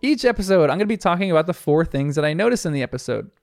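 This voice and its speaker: Gravelly man recapping an episode. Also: fairly high pitch, animated, racing, dry recording, clean studio sound, faint music behind. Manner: earnest, reflective retelling with soft laughs. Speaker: show reviewer.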